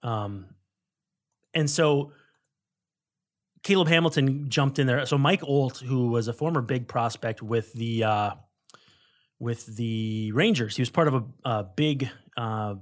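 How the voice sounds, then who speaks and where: A man's voice: medium pitch, takes it slowly, long pauses. A man co-hosting a baseball podcast, talking casually and rambling through scouting notes with frequent self-corrections. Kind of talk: casual sports chat.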